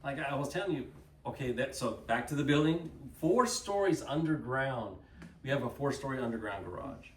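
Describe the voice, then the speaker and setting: Lively man telling stories in a roomy hall. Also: medium pitch, normal speed. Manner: animated, laughs often, acts out quoted voices. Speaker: group presenter. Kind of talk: casual storytelling talk to a group. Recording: roomy sound from a distant mic, faint noise.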